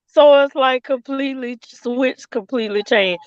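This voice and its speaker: A woman's voice: high-pitched, moderate pace, clear, resonant tone, dry recording, phone-quality sound. A woman, co-hosting a casual sports podcast and talking in a dejected, scolding way. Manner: dejected, then heated and scolding. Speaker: podcast co-host.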